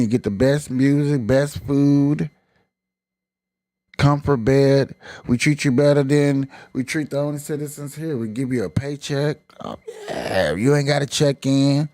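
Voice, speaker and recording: A man's voice: mid-range voice, fairly even intonation, a little slow, mellow, no room sound. Emphatic, colloquial male streamer, dry sound. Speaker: live-stream host. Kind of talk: casual live-stream commentary.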